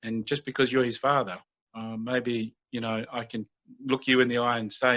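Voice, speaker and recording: Bright-voiced man, calm storyteller. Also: medium pitch. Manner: steady and unhurried, often acting out quoted dialogue. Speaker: youth mentor and guest speaker. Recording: dull lo-fi audio.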